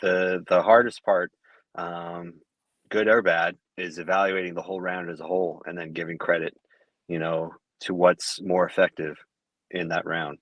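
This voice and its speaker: A man, a fight judge guest, answering interview questions in a halting way full of fillers and restarts. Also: low voice, level tone, dry recording, dull audio. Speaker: MMA judge, podcast guest.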